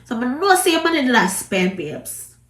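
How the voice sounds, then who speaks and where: A Jamaican woman vlogger, her accent touched with a bit of British, scolds emphatically to camera in patois. Her voice is high and sing-song, her pace brisk, and the sound reverberant.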